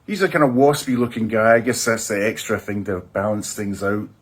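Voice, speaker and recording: Husky guy rambling thru a deadpan comedy film review, sardonic, mocks himself. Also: fairly low pitch, a little fast. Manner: rambling, sardonic, self-mocking. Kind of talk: deadpan satirical monologue.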